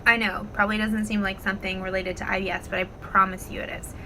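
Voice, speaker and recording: A woman vlogging at home, talking casually to the camera and telling stories in an expressive, animated way. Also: medium pitch, fast talker, a little hiss or hum, rough recording. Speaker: wellness vlogger. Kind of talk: casual talk to camera with storytelling.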